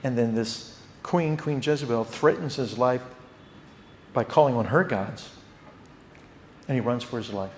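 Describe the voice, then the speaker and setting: A man teaching a theology class at a church. He talks in an animated way and often repeats words. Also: medium pitch, a little slow, long pauses, roomy sound, a little hiss or hum. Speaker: Bible teacher.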